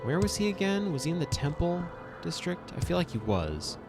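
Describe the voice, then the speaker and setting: Game streamer, male: dry, wry muttered commentary, animated pitch, game music bed. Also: brisk. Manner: wry, muttering, reads quest text aloud. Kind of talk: casual gameplay commentary.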